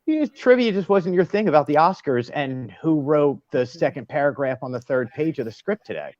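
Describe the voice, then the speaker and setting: Um homem que apresenta um bate-papo ao vivo entre fãs, em tom descontraído e cheio de piadas. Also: male voice, a little high, lively intonation, darkish tone, no echo. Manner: jokey, laughs often, fast talking. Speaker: host. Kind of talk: casual livestream panel chat. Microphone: video call. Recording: dull dry lo-fi sound.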